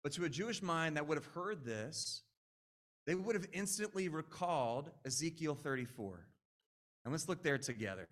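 A pastor preaching in an easygoing, earnest way, often restarting his sentences. His voice sits a bit high for a man and sounds bright and forceful. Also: expressive, normal speed. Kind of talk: sermon.

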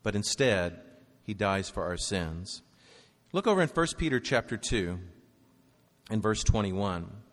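A man preaching a sermon, moving between loud urgent peaks and hushed, slow low passages. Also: sing-song, big-room sound. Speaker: pastor.

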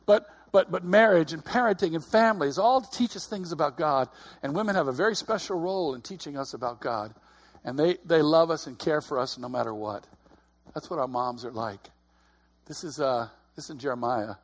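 A man's voice: fairly high pitch, expressive, normal speed. A middle-aged man giving a conversational sermon, earnest, often repeating his words. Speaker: preacher.

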